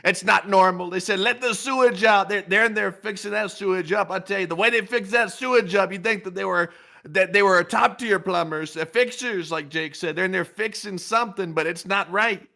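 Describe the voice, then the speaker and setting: Bright-voiced man making dry asides. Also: high voice, brisk, gravelly. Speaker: co-host of a news commentary channel. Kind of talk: casual chat.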